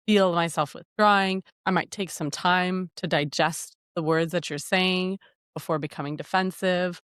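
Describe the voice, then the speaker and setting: A woman's voice: low voice, a bit bright, no room sound, studio quality. A woman co-hosting a marriage podcast, reflecting and brainstorming aloud in casual talk. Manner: thinks aloud, brainstorming with "you know". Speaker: podcast co-host.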